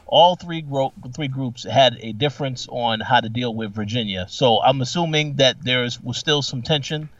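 A man co-hosting a podcast, chatting casually with many halting restarts. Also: mid-range voice, fairly bright tone, dry recording, far from the mic. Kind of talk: casual recap chat. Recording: dull, dry, off-mic.

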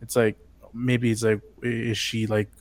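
A man's voice: medium pitch, little pitch movement, a little slow, no echo. A man discusses a TV show in casual podcast chat, his voice dry and close with no room sound. He hesitates often, repeating words before finding his point. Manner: hesitant, many restarts, chuckling asides. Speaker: podcast co-host.

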